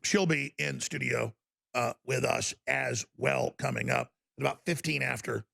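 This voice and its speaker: Gravelly ranting talk radio man. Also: mid-range voice, a little slow, fairly bright tone. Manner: fervent, ranting, with mocking asides. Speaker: talk show host.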